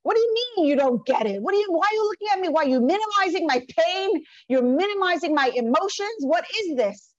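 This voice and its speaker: A woman voicing a distraught wife who lashes out at her husband with rapid accusing questions. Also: very high-pitched, animated, dry recording, dull audio, pitched above the performer's own voice.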